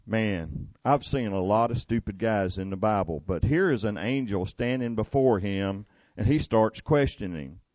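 A man's voice: on the low side, lively intonation, unhurried, few pauses, darkish tone, dry recording, dull audio. A man preaching a sermon in a folksy, conversational way, retelling scripture and making plain asides.

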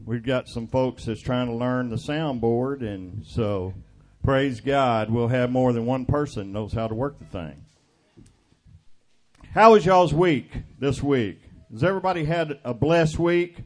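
Older man, slow-talking homespun preacher, dry close sound. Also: mid-range voice, no echo. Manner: folksy, homespun preaching with rhetorical questions. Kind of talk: sermon.

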